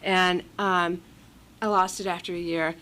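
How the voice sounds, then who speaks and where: A woman's voice: fairly low pitch, little pitch movement, measured pace, bright, forceful tone. A middle-aged woman from California giving a candid recovery share at a meeting, blunt, profane and self-mocking, with a lot of fillers.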